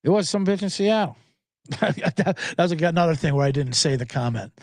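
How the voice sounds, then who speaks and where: A man's voice: a little high, animated, moderate pace, no room sound, clean studio sound. A man hosting a sports betting podcast, ranting in a casual monologue, swearing and acting out voices as he quotes people.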